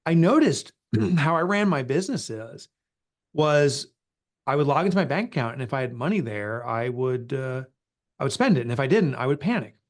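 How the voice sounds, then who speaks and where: Very animated, a middle-aged author candidly shares an emotional personal story as an interview guest. He comes across as earnest and confessional, speaking in a mid-range voice at normal speed.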